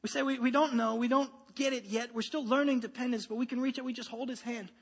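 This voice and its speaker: Man, sermon, high voice, conversational, repeats and restarts, long hall reverb. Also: fairly even intonation, quick pace. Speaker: pastor.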